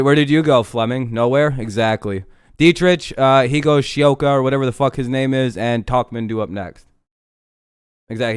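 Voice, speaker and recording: A man's voice: medium pitch, smooth, no echo, clean studio sound. A young man from Michigan live streaming, talking casually and turning into a profane, combative rant at his chat.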